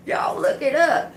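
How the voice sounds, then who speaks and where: A woman hosting a casual livestream as a tarot reader, rambling emphatically and talking straight to her viewers. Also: slight background noise. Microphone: phone or webcam livestream.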